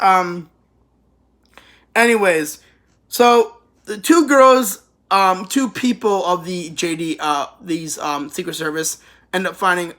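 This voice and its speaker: A woman's voice: on the low side, a bit bright. Woman vlogger, rambling anime recap, swears freely and laughs often. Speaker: anime reviewer. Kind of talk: casual anime review.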